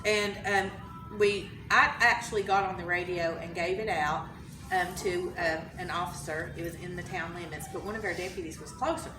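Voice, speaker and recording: A woman who works as an emergency dispatcher tells a story in a casual interview, animated and laughing, acting out the voices of the people in it. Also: lowish voice, normal speed, music in the background. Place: conference hallway. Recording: roomy, distant, with background noise.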